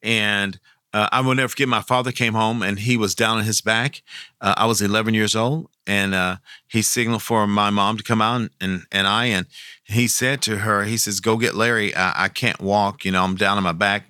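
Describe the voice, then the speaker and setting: A man's voice: lowish voice, fairly even intonation, moderate pace, no echo, studio quality. A middle-aged man, telling folksy, rambling stories in an interview. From Arkansas. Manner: folksy, rambling, warm storyteller. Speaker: professional Santa Claus guest. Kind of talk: storytelling interview.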